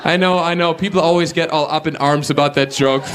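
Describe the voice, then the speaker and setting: A German man with a German accent doing stand-up comedy and crowd work on a club stage, animated and mocking as he riffs with the audience. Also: on the high side, a little fast. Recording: live club recording, clear crowd noise.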